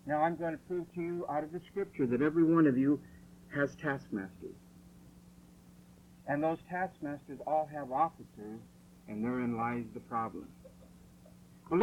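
A man preaching a sermon in a church hall, insistent and forceful, driving points home through repetition. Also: fairly high pitch, phone-quality sound, a little hiss or hum. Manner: forceful, insistent, repeats phrases for emphasis.

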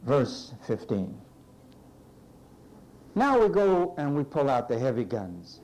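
A man's voice: medium pitch, slow pace, poor audio. A man preaching a sermon, reading scripture aloud and mockingly acting out the complaints of the person in the verses. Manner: animated, sarcastic, acting out quoted complaints.

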